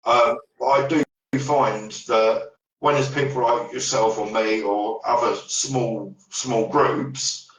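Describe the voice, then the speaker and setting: Man, deep voice, rambling paranormal storyteller, recorded off-mic in an echoey room. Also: steady tone, takes it slowly, a bit bright, recorded from a distance. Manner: rambling storyteller, trails off and restarts. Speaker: paranormal investigator guest. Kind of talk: casual podcast chat.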